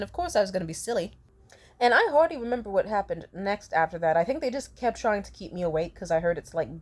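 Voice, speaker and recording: A young adult woman telling a casual storytime vlog, rambling and profane, laughing often between sentences. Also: medium pitch. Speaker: vlogger.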